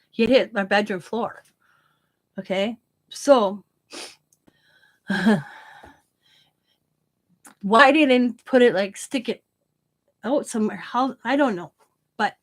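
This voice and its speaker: Middle-aged woman, craft vlogger, blunt storyteller, salty and lively. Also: mid-range voice. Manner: animated, blunt, swears freely. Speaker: craft channel host. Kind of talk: casual storytelling while crafting.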